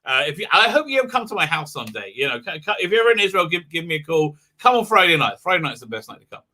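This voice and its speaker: A man's voice: fairly high pitch, big pitch swings, rapid-fire, sharp tone. A middle-aged man hosting a livestream, rambling in a comic monologue with frequent giggles and fillers. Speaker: livestream host.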